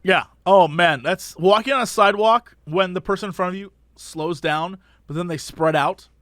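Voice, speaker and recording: A man's voice: sits high, moderate pace, fairly bright tone, no room sound, clean studio sound. A man co-hosting a podcast, chatting casually and ranting animatedly about pet peeves. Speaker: podcast co-host. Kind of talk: casual chat.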